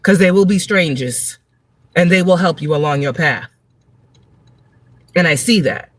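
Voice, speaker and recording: A woman's voice: lowish voice, measured pace, no echo. Blunt, cussing woman tarot reader preaching to her viewers, dry close sound. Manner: emphatic, repeats words for stress. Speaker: tarot reader and spiritual advisor. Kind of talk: livestream tarot reading monologue.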